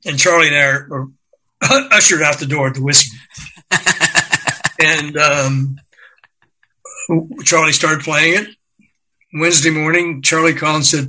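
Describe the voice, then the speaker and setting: An older man, a record executive, telling lively anecdotes as an interview guest, acting out the quotes and laughing along. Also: a little high, unhurried, pauses often, low-quality recording. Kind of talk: anecdotal storytelling.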